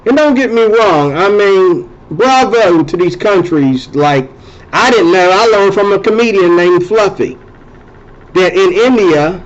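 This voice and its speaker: A man's voice: high-pitched, animated, a little slow, muffled recording. A man hosting a casual rambling monologue, talking loosely and circling back to repeat himself. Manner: rambling, conversational, repeats and restarts phrases. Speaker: host.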